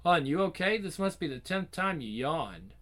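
A man voicing a caring middle-aged mother who speaks gently. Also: on the high side, very animated, moderate pace.

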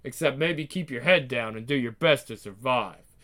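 A man voicing a weary, menacing male spirit of a soldier, speaking in a low, intimate, taunting way. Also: moderate pace, a bit bright, lightly acted. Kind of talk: one-man script reading.

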